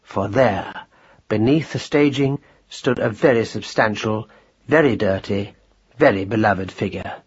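A man narrating a storybook in a measured, gently wry telling. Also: fairly low pitch, breathy edge, highs cut off. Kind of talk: audiobook narration.

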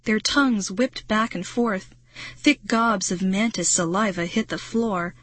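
A woman narrating a children's audiobook in a brisk, dramatic storytelling manner. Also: medium pitch, no echo. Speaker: audiobook reader.

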